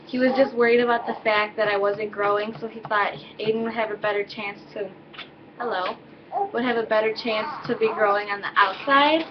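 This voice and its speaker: A woman's voice: medium pitch, fairly even intonation, fairly quick, highs cut off, crowd noise. A teenage girl telling a personal story in a loose, rambling way, full of fillers and self-corrections, recorded at home. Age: teens. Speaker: vlogger. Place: home, indoors with baby.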